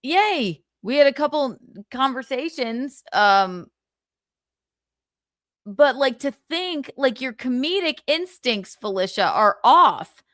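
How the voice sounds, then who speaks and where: A woman with a high voice speaks slowly while hosting a livestream, ranting casually with heavy swearing. She sounds animated, profane and exasperated, and the recording is dry and studio quality.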